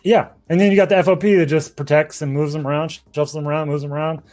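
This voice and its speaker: A man's voice: on the high side, little pitch movement, quick pace, a little mellow, faint music behind. A man speaking as an activist guest in a casual interview, heated, profane and passionate, admitting he gets emotional.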